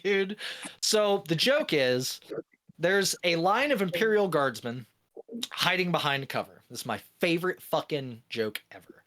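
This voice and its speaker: A man chatting on a gaming podcast with a fairly high voice. He tells stories with lively, animated energy and drops casual swears. He breaks into laughter often. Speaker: podcast co-host.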